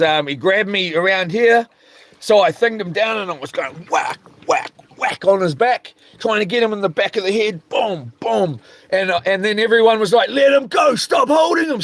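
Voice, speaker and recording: A middle-aged man, telling a rambling story in a casual vlog and acting out the voices and sound effects. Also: high voice. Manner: rambling, animated, acts out quotes and sound effects. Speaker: vlogger.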